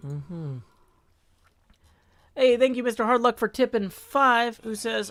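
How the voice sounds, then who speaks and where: Chatty higher-voiced man streaming. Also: unhurried, fairly bright tone. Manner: chatty, self-mocking, reads chat aloud. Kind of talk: live game-stream chat.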